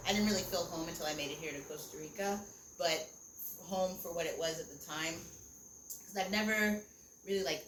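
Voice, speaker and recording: A young woman, a singer, talking candidly and ramblingly as a podcast guest, with many fillers and casual swearing. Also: on the low side. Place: Costa Rica, outdoors or open room with crickets. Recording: echoey room with loud cricket noise.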